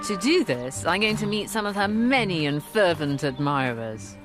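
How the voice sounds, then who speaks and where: Woman documentary host, lower register, animated delivery, music bed. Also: moderate pace. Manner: enthusiastic, expressive. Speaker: historian and curator presenting the programme. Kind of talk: documentary presenting and narration.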